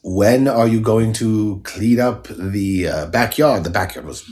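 A man's voice: lowish voice, darkish tone, natural voice. A man improvising a dim, earnest masked henchman who takes his acting far too seriously. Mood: rambling. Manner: self-serious, rambling, halting. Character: dim, earnest male henchman actor in a mask. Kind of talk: improvised comedy interview.

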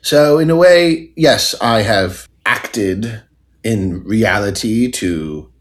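A man's voice: fairly low pitch, expressive. A man improvising a dim, earnest masked henchman who takes his acting far too seriously. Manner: self-serious, rambling, halting. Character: dim, earnest male henchman actor in a mask. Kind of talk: improvised comedy interview.

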